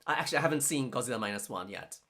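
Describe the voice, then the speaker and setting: A man's voice: medium pitch, expressive, fairly bright tone. A man from Japan, hosting a casual live-stream course and answering questions while often stopping to search for words. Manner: halting, searching for words, frequent restarts. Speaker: online course host.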